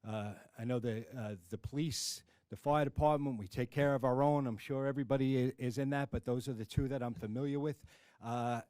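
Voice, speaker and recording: A man with a Brooklyn accent, a firefighters' union president giving halting, plainspoken press conference remarks full of fillers. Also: medium pitch, steady tone, dark tone, smooth, no room sound.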